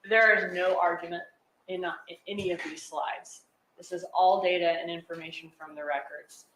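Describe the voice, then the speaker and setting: A man responding briefly as a prosecutor in a courtroom, brisk and matter-of-fact. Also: high-pitched, fairly even intonation, a bit bright. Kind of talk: courtroom argument. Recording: echoey courtroom audio with faint noise.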